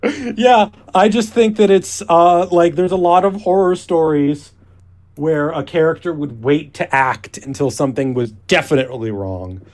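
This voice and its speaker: A man with a slightly higher voice, chatting on a casual podcast. He starts his points haltingly, with a few fillers, before getting to them. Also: a little mellow. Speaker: podcast co-host. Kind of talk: casual chat.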